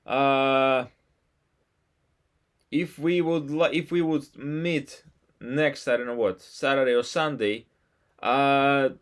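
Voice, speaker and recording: Man, tutor, halting, false starts, average pitch. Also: fairly even intonation. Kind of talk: casual one-on-one lesson talk.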